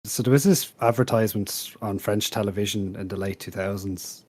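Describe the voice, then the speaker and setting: A man's voice: fairly low pitch, steady tone, brisk, darkish tone. A man on a podcast panel chatting casually about parenting, dropping dry, wry asides. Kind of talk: casual chat.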